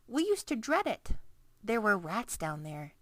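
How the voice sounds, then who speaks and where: A woman's voice: medium pitch, very animated, unhurried, no room sound, clean studio sound. A woman voicing a little orphan girl who speaks in a plain, matter-of-fact way.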